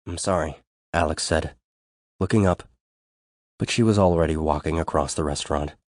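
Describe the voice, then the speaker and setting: Deep, dry-voiced male narrator. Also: normal speed, a little mellow, dry recording. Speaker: audiobook narrator. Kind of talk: scripted audiobook narration.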